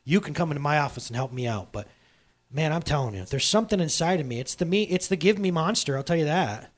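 A middle-aged man preaching a sermon to his church in a candid, conversational way, with sudden loud bursts. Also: fairly high pitch, animated, quick pace. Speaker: pastor. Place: church hall.

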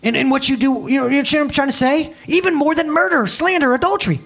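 A man's voice: very high voice, fast talker. A man in his thirties preaching a sermon as a pastor, talking casually and acting out quotes along the way. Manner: animated, conversational preaching with acted-out quotes.

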